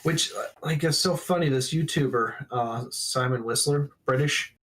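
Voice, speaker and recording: A man co-hosting a gaming stream in casual chat, dropping quick joking remarks. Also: mid-range voice, fairly bright tone, rough recording.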